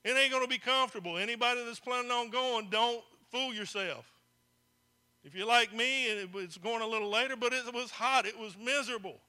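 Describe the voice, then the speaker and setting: High, bright pastor preaching. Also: male voice, fairly quick. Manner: folksy, preachy, talks to the congregation directly. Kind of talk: sermon. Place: church.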